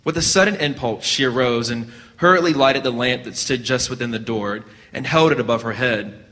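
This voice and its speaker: Here a man narrates a story with a bright, forceful, mid-range voice at a steady, measured pace. Long hall reverb hangs after his words, and now and then he falters and repeats a word from the start.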